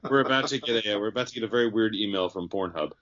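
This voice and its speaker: A man's voice: on the low side, very fast, a bit bright, muffled recording. A man chatting casually on a podcast, animatedly reading out listener questions.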